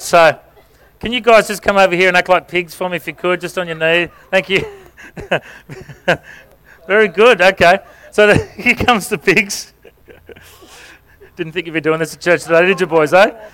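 A man's voice: high-pitched, moderate pace, pauses often, bright, forceful tone, smooth. A man, a pastor giving a playful sermon and directing volunteers as he reads scripture aloud. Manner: jokey, playful, coaching volunteers on stage. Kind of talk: sermon with acted-out scripture reading. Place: church stage before a congregation.

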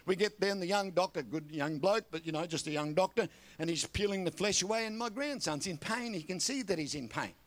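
Older preacher, high voice. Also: male voice, brisk. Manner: folksy storytelling with calls for amen. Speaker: pastor. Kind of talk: sermon.

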